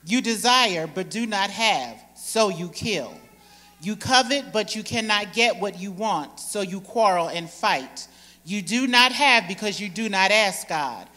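Slow bright bible reading, church echo. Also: medium pitch, animated. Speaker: scripture reader. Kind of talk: scripture reading.

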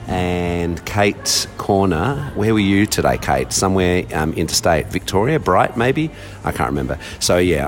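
Rambling low-voiced Australian man. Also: slight background noise. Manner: rambling, chatty, self-deprecating. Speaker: podcast roving reporter. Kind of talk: casual field report. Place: outdoors then a cafe.

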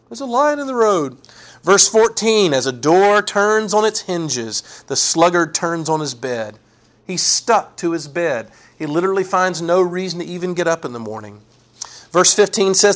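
A man preaching a sermon, animated and folksy, acting out sarcastic quotes. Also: fairly high pitch. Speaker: pastor.

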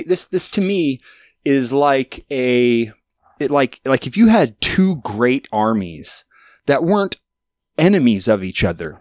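A man in his late thirties hosting a podcast, telling rambling self-mocking stories with sudden jumps in pitch. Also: no room sound, clean studio sound. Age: 30s. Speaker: podcast host. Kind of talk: casual chat. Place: studio.

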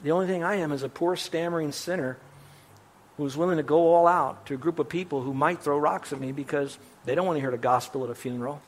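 Emphatic man preaching a sermon. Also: fairly high pitch. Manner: emphatic and animated, voice rising on quotations; wry asides to the congregation. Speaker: pastor.

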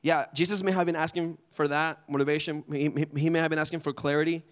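A man leading a group Bible study in a casual, animated way, often asking the group questions. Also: on the high side, fast.

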